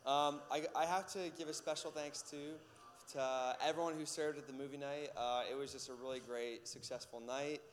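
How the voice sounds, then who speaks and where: A man preaching a casual sermon as pastor, an animated storyteller with many fillers and acted-out voices. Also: medium pitch, fairly quick. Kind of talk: casual sermon with personal stories. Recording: long hall reverb.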